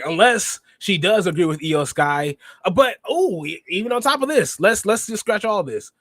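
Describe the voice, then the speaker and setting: A man hosting a podcast, recapping wrestling in an animated, rambling way and acting out quotes. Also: fairly high pitch, normal speed, hardly any pauses, no room sound. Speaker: podcast host.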